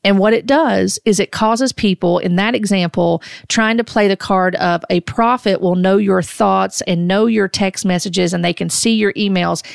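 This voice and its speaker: A middle-aged woman hosting a critical commentary on prophecy videos, speaking earnestly and deliberately, often restarting her sentences. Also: mid-range voice, vocal fry, dry recording. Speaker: host.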